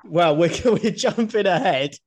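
A man's voice: sits high, animated, unhurried, darkish tone. Blunt, sweary man. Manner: blunt, swears freely, laughs often. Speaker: podcast co-host. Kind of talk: casual chat.

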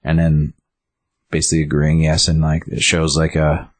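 A man's voice: extremely low pitch, completely flat delivery, normal speed. A man casually retelling a story, rambling with lots of "like" and restarts.

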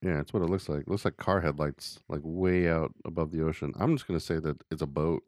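Deep-voiced joking podcast host, man. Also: steady tone, a little fast, darkish tone, dry recording, clean studio sound. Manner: rambling, joking. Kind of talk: casual podcast chat.

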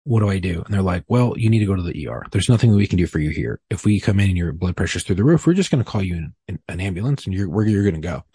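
A male podcast guest tells a personal story in a profane, rambling way, often poking fun at himself. His low voice is warm and husky, animated and rapid-fire with hardly any pauses, recorded with no room sound.

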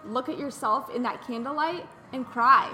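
High, bright-voiced animated woman host. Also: normal speed. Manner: animated storyteller who acts out quotes. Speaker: podcast host. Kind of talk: casual wellness podcast chat.

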